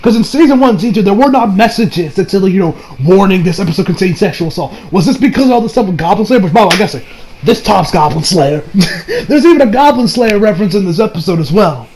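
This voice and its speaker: A young man giving a casual anime review, excitable and profane, often acting out his own shocked reactions. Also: sits high, quick pace, a little hiss or hum, low-quality recording. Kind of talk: casual video review rant.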